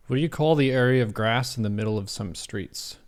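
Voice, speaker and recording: A man's voice: mid-range voice, a little fast, clear, resonant tone. A man streaming live, reading quiz questions aloud and musing over each answer in a casual way. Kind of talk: casual livestream commentary.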